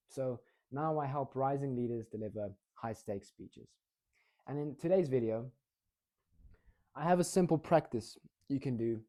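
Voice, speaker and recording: A young man of eighteen talks straight to his viewers as a speaking coach, lively and quick to demonstrate. His voice is dark and mellow, sitting at a middling pitch. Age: teens. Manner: energetic, demonstrates fast, slow, low and high reading. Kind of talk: casual tutorial to camera.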